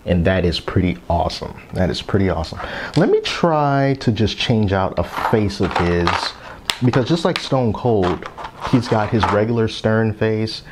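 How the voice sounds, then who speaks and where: Chatty man reviewing toys, soft hiss. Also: on the low side, animated, unhurried. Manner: chatty, rambling, drops into whispers so as not to wake his kids. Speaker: toy collector vlogger. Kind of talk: casual toy review.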